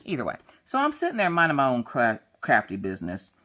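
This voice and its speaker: A woman vlogging about diamond painting, chatting casually as she works and telling stories in a lively, slangy, playful way. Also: rumbling low, quick pace. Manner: acts out quotes in changing voices. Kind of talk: casual chat while crafting.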